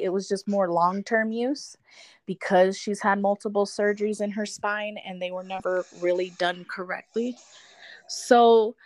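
A woman in her thirties tells a personal story as a guest. She talks in a loose, chatty way, full of fillers and quick laughs. Her voice is close and dry, with no room sound. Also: medium pitch, dry recording. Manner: chatty, many fillers, laughs between thoughts. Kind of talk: casual storytelling.

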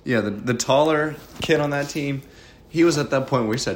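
A man's voice: mid-range voice, normal speed, slight background noise. A man co-hosting a podcast, adding short, laid-back remarks in casual chat. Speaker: podcast co-host.

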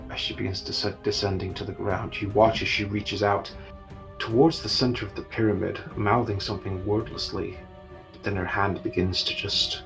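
A man narrating as game master, in a deliberate, gravelly voice. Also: sits low.

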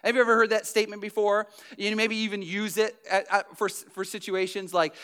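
A man preaching a sermon as pastor, repeating key phrases with emphasis and swinging between soft and loud delivery. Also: high voice, steady tone, fairly quick, hardly any pauses, smooth.

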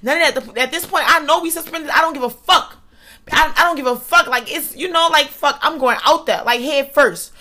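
A young woman telling a story in an animated, profane and loud manner. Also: high voice, normal speed. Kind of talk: casual storytelling.

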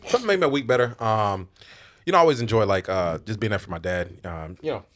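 A man's voice: lowish voice, expressive, fast talker, a bit bright. A man talking as a podcast guest, telling a story in casual chat, laughing often and dropping in "you know what I mean".

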